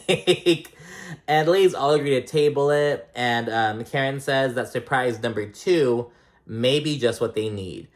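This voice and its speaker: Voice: medium pitch, a little slow. A reality TV recap vlogger in casual commentary, rambling and swearing often, full of "like" and "um.".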